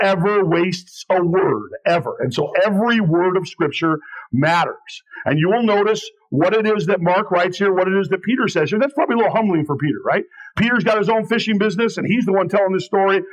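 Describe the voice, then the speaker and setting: A pastor preaching in a church, his voice sitting high for a man. He presses each point hard, repeating phrases and sinking low and slow when he lands one. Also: poor audio. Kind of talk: sermon.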